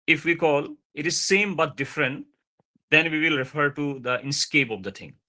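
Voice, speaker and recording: Bright-voiced lecturer. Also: male voice, on the high side, normal speed. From India. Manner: explanatory, repeats phrases for emphasis, frequent uh fillers. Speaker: guest lecturer. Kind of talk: university lecture over video call. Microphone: video call.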